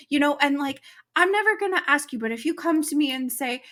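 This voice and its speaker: A woman's voice: high voice, lively intonation, fairly quick, few pauses, sharp tone. A young adult woman, a podcast guest, talking candidly and emotionally, with lots of "like" fillers. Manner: emotional, open, heavy use of "like". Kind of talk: candid conversational interview.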